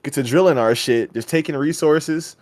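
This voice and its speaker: A man's voice: on the high side, moderate pace, dry recording. A young man co-hosting a casual podcast, laid-back and profane, often acting out what people said to him. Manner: laid-back, profane, acts out customers in quotes. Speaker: podcast co-host. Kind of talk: casual chat.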